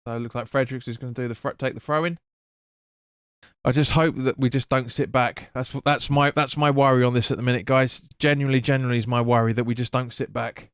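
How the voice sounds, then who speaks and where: A man's voice: mid-range voice, fairly even intonation, fast, a bit bright, smooth, no echo, clean studio sound. A man hosting a live football watch-along, chatting casually, swearing and stumbling over player names. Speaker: fan stream host.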